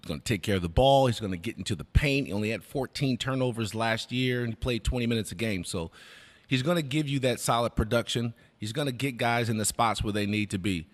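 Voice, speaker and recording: A man on sports radio breaking down guards' play and telling lively stories from his playing days, acting out what coaches and teammates said. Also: mid-range voice, normal speed, big-room sound. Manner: animated storyteller who acts out quotes. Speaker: radio basketball analyst. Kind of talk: sports radio analysis and storytelling.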